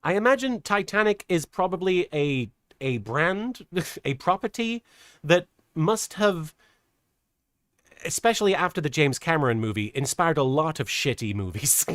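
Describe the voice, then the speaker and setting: A man's voice: a little high, animated, measured pace, a bit bright, no echo, clean studio sound. A man casually commenting on a livestream, chatty and rambling, laughing often and poking fun at himself at a desk microphone. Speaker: streamer and host.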